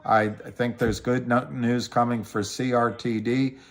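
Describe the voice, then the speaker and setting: This is a relaxed stock-market livestream led by a middle-aged man with a mid-range voice, level tone, and measured pace. Rambling and self-deprecating, he discusses trades and replies to comments from viewers.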